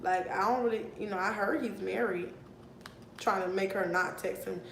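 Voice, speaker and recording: A young woman telling a heated storytime vlog, animated and profane, recorded in an echoey room with a faint rumble. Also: moderate pace, vocal fry. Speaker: vlogger.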